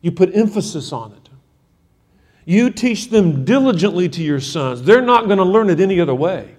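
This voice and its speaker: A man's voice: sits high, sing-song, normal speed, a little mellow, in a large hall. A man preaching a sermon to fathers, driving his points home through emphatic repetition.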